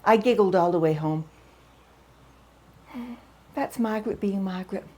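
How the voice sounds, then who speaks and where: An excitable woman in her sixties, from New England, chatting at home in a casual vlog. Her voice is a little husky and she laughs easily as she tells her stories. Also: medium pitch, unhurried. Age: 60s. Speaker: vlogger. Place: at home, drying her hair.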